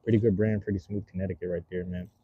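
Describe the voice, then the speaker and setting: A man's voice: deep voice, flat delivery, fast, breathy edge, dry recording, phone-quality sound. A man hosting a casual livestream, chatting loosely and reading out viewers' messages, with a rambling, slang-filled manner while smoking a cigar. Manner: laid-back, rambling, reads chat aloud with slang. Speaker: livestream host.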